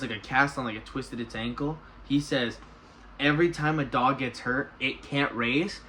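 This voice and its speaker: A man in his own casual voice, rambling through a recap of a TV episode. He stops and restarts often and slips into quick impressions of the characters. A faint hiss sits under the voice. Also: medium pitch, a bit bright, rough recording. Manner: rambling, restarts a lot, reenacts characters' lines. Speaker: TV episode reviewer.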